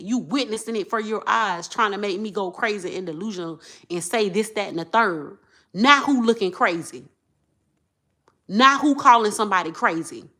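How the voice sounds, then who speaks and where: A woman, talking straight to her viewers in an emotional monologue. She repeats herself and swings from low muttering to loud outbursts. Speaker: vlogger.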